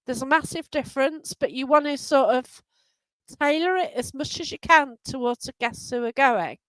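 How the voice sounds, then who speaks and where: A woman's voice: sits high, normal speed, dry recording, rough recording. A woman hosting a casual live chat, a medium who talks in a rambling way with many fillers over a video call. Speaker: host and medium.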